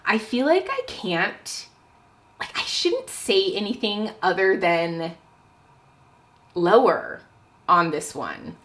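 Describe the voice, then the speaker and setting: A young adult woman book vlogger chatting casually at home, excitable and nervous as she plays a card game. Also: medium pitch, takes it slowly, pauses often. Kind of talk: casual vlog chat.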